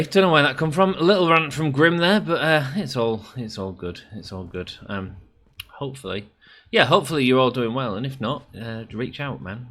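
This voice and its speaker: A man's voice: medium pitch, fairly bright tone. A man talking casually over a game he is playing, thinking aloud and rambling with lots of fillers. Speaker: gaming YouTuber. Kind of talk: casual gameplay commentary.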